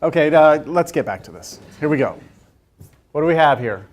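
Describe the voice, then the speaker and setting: A man lectures in a classroom with a fairly high voice. He talks his way through the math casually, thinking aloud and slipping in jokes. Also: expressive, moderate pace. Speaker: calculus teacher.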